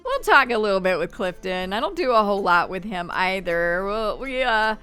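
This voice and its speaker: Bright, chatty woman gaming host. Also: medium pitch, expressive, clear, resonant tone. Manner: chatty, voices her Sims' thoughts in quick asides. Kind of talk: casual gameplay commentary. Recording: faint background game music.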